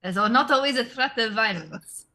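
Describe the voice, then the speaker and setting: A woman playing a tabletop game, making quick wry remarks. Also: on the high side, lively intonation, pushed and bright. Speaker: player. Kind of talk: casual tabletop role-play.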